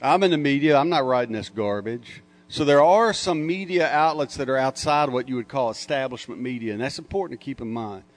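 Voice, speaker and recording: A man's voice: mid-range voice, brisk, few pauses. A man speaking to a conference crowd in a punchy, joking, mocking way. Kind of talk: lively conference talk with audience call-and-response. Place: conference hall.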